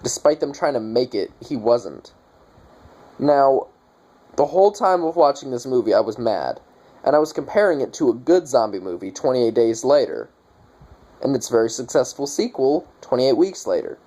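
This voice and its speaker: A young man rants through a movie review, swearing freely and sounding fed up with what he watched. His voice sits at an ordinary middle pitch, and he talks in a loose, unscripted way. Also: lively intonation, normal speed, dark tone. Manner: profane, exasperated ranting. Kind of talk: casual ranting movie review.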